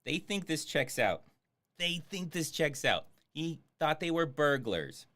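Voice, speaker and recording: Sarcastic man, swooping pitch. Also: big pitch swings, a little slow, pushed and bright, slight background noise. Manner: sarcastic, swears freely. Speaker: streamer reviewing a film. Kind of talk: casual livestream commentary.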